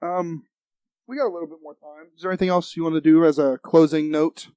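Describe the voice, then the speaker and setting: A teenage guy co-hosts a podcast and tells crude stories, often laughing between lines. His voice sits a little high for a young man. The sound is dry and close, with no room in it. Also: steady tone, fast, dark tone, dry recording. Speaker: podcast co-host. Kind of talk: casual chat.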